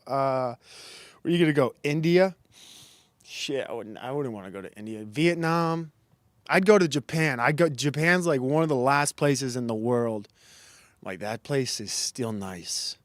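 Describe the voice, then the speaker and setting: A young man, a streamer and comedian, rambles through a self-deprecating comedic livestream monologue and reads the chat, often restarting and laughing. His mid-range voice is unhurried, and the studio sound is clean with no echo.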